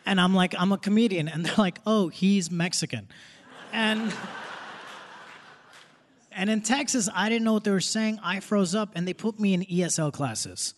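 High-voiced young stand-up comedian. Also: male voice, normal speed, slight background noise. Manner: casual, punchy delivery with laughing asides. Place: theater stage before a live audience. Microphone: stage microphone. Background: audience laughter.

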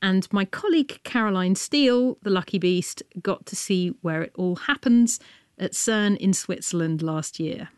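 A woman hosting a science radio programme, chatty and playful with quick asides. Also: medium pitch, a little mellow, clean tone. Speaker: radio science show host. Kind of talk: lively radio presenting.

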